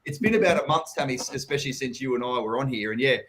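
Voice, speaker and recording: A man's voice: medium pitch, rapid-fire, fairly bright tone. A man in his thirties with an Australian accent, hosting a live property chat in a casual, blunt way and swearing freely. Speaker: host, property coach.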